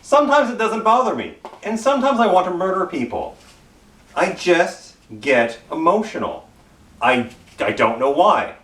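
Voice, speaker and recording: A man's voice: high-pitched, big pitch swings, normal speed, fairly bright tone, far from the mic. A middle-aged man with a Canadian accent, preaching a casual sermon full of self-deprecating personal stories. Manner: self-deprecating, storytelling, repeats phrases. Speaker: pastor. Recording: roomy church sound from off-mic.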